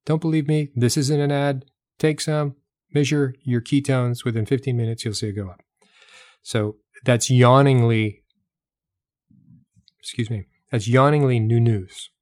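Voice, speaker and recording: Male host, mid-pitched voice, explanatory talk, punchy emphasis, dry close-miked sound. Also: fairly even intonation, a little slow, pauses often, a little mellow, dry recording. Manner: emphatic, repeats points for effect, rhetorical questions. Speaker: health talk host selling products.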